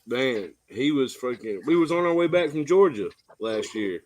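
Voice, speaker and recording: A man's voice: medium pitch, animated, normal speed, a little mellow. A man in casual podcast chat, swearing casually and telling road-trip stories. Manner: easygoing, swears, acts out friends' antics.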